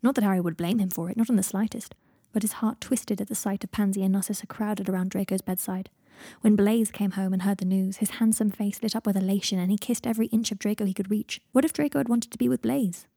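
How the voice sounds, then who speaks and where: A woman narrating a fan fiction audiobook in an even, gentle storytelling voice. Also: medium pitch, fast, hardly any pauses, husky, dry recording, clean studio sound.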